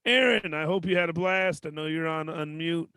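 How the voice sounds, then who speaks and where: A man hosts a comedy show, his voice gravelly and pitched a little high. He teases the guests loudly with profane banter, and the sound is dry and close. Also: normal speed, no room sound. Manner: loud, teasing, profane banter. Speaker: show host. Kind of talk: hosting a comedy show on a video call.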